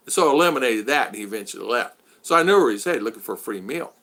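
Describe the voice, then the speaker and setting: A man's voice: medium pitch, very animated, quick pace, pushed and bright. A man chatting casually as a vlogger, telling anecdotes, acting out dialogue, and answering viewers' chat. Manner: storytelling, acts out dialogue; reads and answers live chat.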